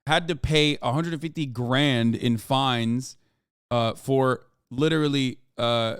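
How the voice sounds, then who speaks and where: Smooth-voiced swearing male streamer. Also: medium pitch, no echo, clean studio sound. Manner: profane, exasperated rants. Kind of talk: casual reaction commentary.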